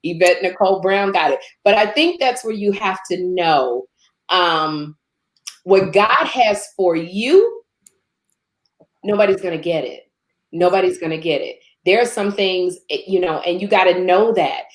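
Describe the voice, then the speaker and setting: Animated chatty woman, echoey room. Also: a little slow. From Chicago. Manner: animated, laughs often, acts out quotes in higher voice. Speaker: guest. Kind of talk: casual storytelling chat. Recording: roomy echo.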